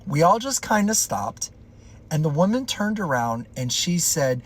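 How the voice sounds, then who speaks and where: A man's voice: a little high, sing-song, a little slow, a little hiss or hum. A man casually recounting a personal story in a chatty, loose way, with plenty of filler words.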